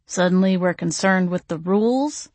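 A woman's voice: lowish voice, moderate pace, a little mellow, no echo, lightly acted. A woman voicing a sardonic male vampire who mocks in a nasty, sweet tone. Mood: sarcastic. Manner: mocking, sarcastic.

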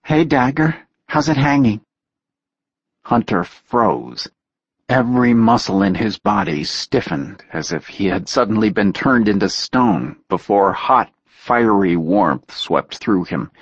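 A man reading a story aloud in a steady, measured narration. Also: on the low side, breathy edge, dry recording, lo-fi sound. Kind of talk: audiobook narration.

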